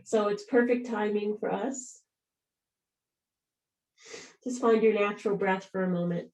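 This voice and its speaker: A woman teaching a gentle yoga and breathing class, guiding calmly and softly. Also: medium pitch, unhurried. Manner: calm, gentle, soothing guidance. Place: room where she does yoga on a mat. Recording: roomy sound from a distant mic.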